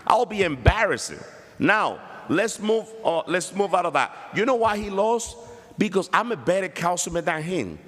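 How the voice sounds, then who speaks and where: Male councilman, fired-up floor speech, slightly high voice, long chamber reverb. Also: lively intonation, normal speed, fairly bright tone. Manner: impassioned, combative, repeats phrases. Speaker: city councilman.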